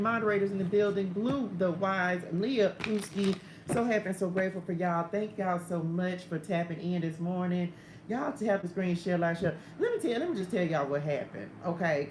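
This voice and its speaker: A woman's voice: mid-range voice, slight background noise. A middle-aged woman hosting a casual morning spiritual livestream, talking in a chatty way, laughing often and drifting into side stories over a phone stream. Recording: roomy room with faint ambience.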